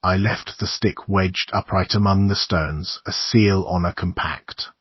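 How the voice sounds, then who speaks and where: Male horror audiobook narrator: very low, husky, measured and somber; dry, slightly muffled audio. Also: steady tone, dry recording.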